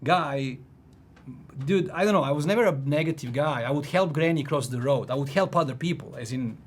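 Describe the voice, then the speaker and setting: A man in his forties telling a personal story in casual chat, animated, restarting sentences and laughing often. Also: fairly high pitch, fairly quick. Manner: animated, frequent restarts and laughs, "if you know what I mean".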